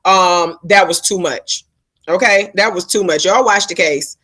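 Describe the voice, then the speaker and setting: A middle-aged woman telling a storytime to camera, sassy and animated, laughing and acting out other people's lines in raised voices. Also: fairly low pitch, measured pace. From Georgia, USA. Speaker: vlogger.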